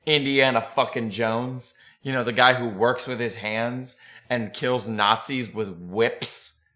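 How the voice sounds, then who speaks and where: A man's voice: mid-range voice, fairly even intonation, takes it slowly, bright, forceful tone. A man co-hosting a podcast, chatting casually about a movie with crude jokes and lots of swearing. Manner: crude, joking, swears a lot. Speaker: podcast co-host. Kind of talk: casual movie-review chat.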